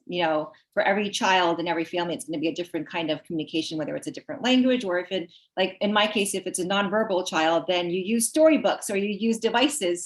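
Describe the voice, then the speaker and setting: Woman panel moderator, lowish voice, gracious but hesitant, full of fillers. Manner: warm thanks, hesitant with many fillers. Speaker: webinar moderator.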